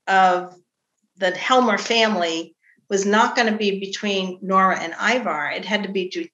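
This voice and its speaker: A middle-aged woman novelist chats about her book in a bright, clear voice. She tells family stories with lively quoted voices. The sound is roomy and echoey, as from a video call. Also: medium pitch. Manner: animated storytelling, acts out quoted family voices. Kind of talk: casual book discussion.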